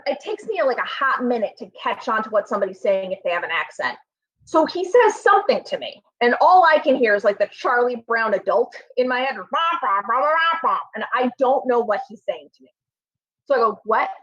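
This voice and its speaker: In a high, slightly bright voice with a touch of roughness, a young woman rambles through a comic personal anecdote, mocking herself and leaning on fillers. The recording is lo-fi and somewhat dull.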